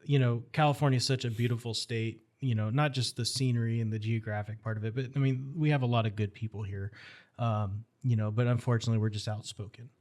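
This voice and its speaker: A man's voice: medium pitch, steady tone, fast, a little mellow. A middle-aged man talks on a podcast as a firearms instructor guest. His voice sits mid-range, and he talks bluntly and with animation. He builds his stories toward rallying calls. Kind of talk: casual podcast conversation.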